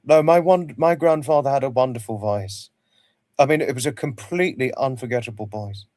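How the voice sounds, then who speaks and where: A man chats casually as host of his livestream, wandering from thought to thought and repeating himself. His voice sits at a middle pitch and sounds close and dry, with no room echo. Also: a little fast, darkish tone. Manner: rambling, repeats himself, greets viewers by name. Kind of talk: casual chat with viewers.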